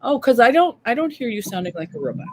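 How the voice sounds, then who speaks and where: A woman in her fifties chats casually while doing her makeup on camera, rambling and laughing often. Her voice is a little high with big pitch swings, and she talks fast. Slight background noise can be heard.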